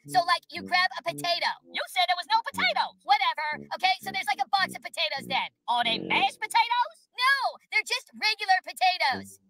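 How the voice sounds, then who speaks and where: A woman's voice: very high-pitched, wildly swooping pitch, a little fast, long pauses, bright, forceful tone. A woman explaining in a rambling, exasperated way in a comedy sketch. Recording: crowd noise behind.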